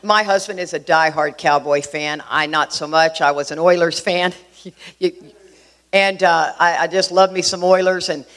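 A woman's voice: fairly low pitch, fairly even intonation, normal speed, fairly bright tone. Middle-aged woman, earnest storyteller, chatty with lots of fillers, sharing her recovery story. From Houston, Texas. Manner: heartfelt, earnest, conversational with many fillers. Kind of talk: personal storytelling talk.

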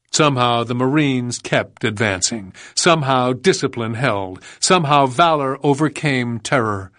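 A male audiobook narrator reading in a measured, grave way. His pitch sits in the middle for a man. The sound is close and dry, with no room around it. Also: fairly bright tone, no echo. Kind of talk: scripted narration.

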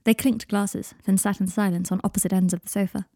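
Female narrator, gentle even storytelling, warm mellow tone, dry recording. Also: medium pitch, a little fast, no room sound. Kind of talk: fan fiction audiobook reading.

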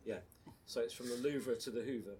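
A man's voice: mid-range voice, brisk, a little mellow. Dry-voiced male host. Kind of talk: presenting facts.

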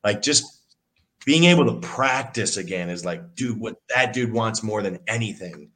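A man's voice: on the low side, normal speed. Young man telling profane stories. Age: young adult. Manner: animated, profane, filler-heavy. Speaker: college football player guest. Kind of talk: casual storytelling.

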